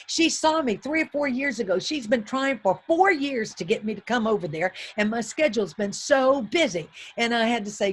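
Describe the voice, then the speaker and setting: A woman's voice: fairly high pitch, animated, fairly quick, slightly rough. A middle-aged woman giving a comedic motivational keynote. She tells exuberant stories and hammers her points home with punchy repetition.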